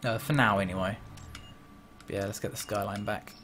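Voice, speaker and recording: A man's voice: lowish voice, steady tone, moderate pace, noisy background. A man casually commentating on a racing game, joking and swearing as he plays. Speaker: gaming channel host. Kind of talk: let's play commentary. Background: background music.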